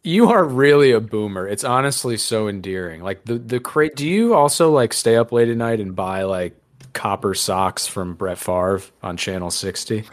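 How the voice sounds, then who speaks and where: A man's voice: fairly low pitch, lively intonation, moderate pace, no echo, studio quality. A man hosting a podcast in casual chat, rambling and sarcastic, swearing casually. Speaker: podcast host.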